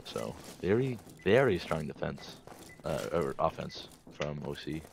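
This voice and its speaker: A man giving relaxed esports color commentary, recapping the plays step by step. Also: a bass voice, a little slow, creaky, a little hiss or hum.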